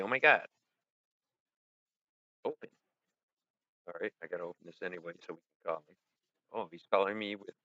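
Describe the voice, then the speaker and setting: A man's voice: mid-range voice, a bit bright, no echo. A man hosting a casual livestream, rambling and joking as he talks to his viewers. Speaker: livestream host. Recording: dry, dull lo-fi sound.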